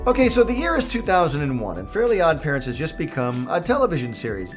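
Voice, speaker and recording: A man's voice: a little high, wildly swooping pitch, quick pace, few pauses, faint music behind. A middle-aged man, a cartoon creator, telling a comic story in a playful, jokey way.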